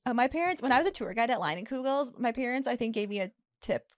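A young woman co-host chatting eagerly, with a fairly high voice that swings widely in pitch. The sound is close and dry. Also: expressive, no room sound. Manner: enthusiastic, quick reactions and guesses. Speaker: podcast co-host. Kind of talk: casual chat.

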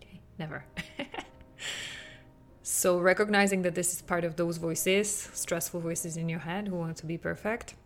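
Woman coaching parents on a podcast, kinda low, quiet music behind. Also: moderate pace. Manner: animated, acts out quotes with laughs. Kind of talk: podcast monologue.

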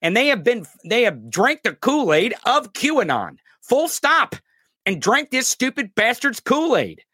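A man's voice: very high voice, wildly swooping pitch, a little slow, bright, forceful tone, husky, dry recording, studio quality. A man hosting a podcast, ranting in angry, profane and sarcastic political commentary. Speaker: podcast host.

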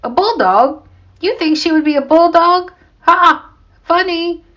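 A woman's voice: high voice, lively intonation, slow pace, voice pushed up. A woman voicing a jovial, boisterous male party host who teases his guests, on a dull lo-fi recording. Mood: mocking. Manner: teasing, boisterous.

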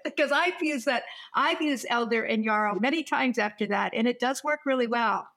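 A woman's voice: on the high side, a little fast, few pauses, a bit bright. An older woman hosting an interview, telling stories in an enthusiastic, conversational way. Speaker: host.

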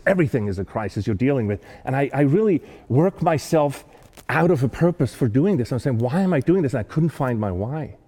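A man giving a talk, telling a personal story in an earnest, animated way with frequent restarts. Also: medium pitch, long reverb tail. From not American-born.

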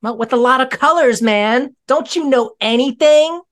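A performer voicing a cheeky puppet monkey with a sassy, high-spirited manner in a children's show. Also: very animated, drawn-out words, vocal fry, fairly bright tone, exaggerated voice.

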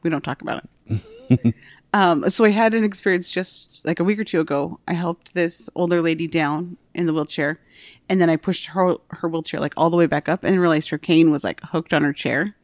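A young woman working as an airport gate agent, telling stories in casual chat, animated and full of "like", acting out what people said. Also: lowish voice, normal speed, no echo. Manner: animated, fillers of "like", acts out quotes.

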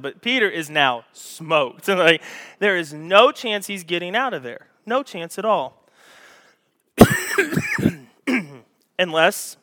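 A man preaching a sermon to a congregation, animated and storytelling, acting out scenes with raised voices. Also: a little high. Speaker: pastor. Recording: echoey hall.

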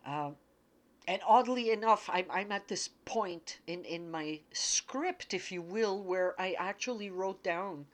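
A woman giving an unscripted spiritual talk, tearful and emotional, speaking haltingly and repeating herself. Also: mid-range voice, expressive.

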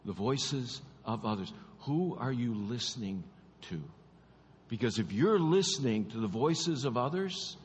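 A man's voice: expressive, unhurried, slight background noise. Emphatic male preacher in an echoing hall. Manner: emphatic and repetitive, often dropping to low, quiet stresses. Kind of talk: sermon.

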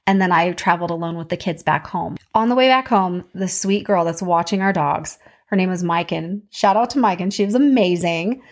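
In her thirties and hosting a podcast, she talks about her week in a relaxed, chatty way at a moderate pace. Her lively storytelling voice rises sharply in pitch when she gets excited.

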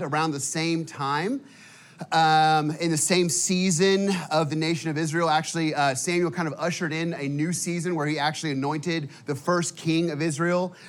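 A man preaching a sermon in a church, energetic and casual, with many fillers and restarts, sometimes emotional. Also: on the high side. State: emotional at times. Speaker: guest preacher. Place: church auditorium.

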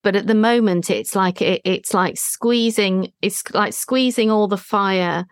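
A woman therapist hosting the session, speaking in a gentle, reflective and guiding way. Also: mid-range voice, measured pace, clear, resonant tone, dry recording, studio quality. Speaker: therapist and podcast host.

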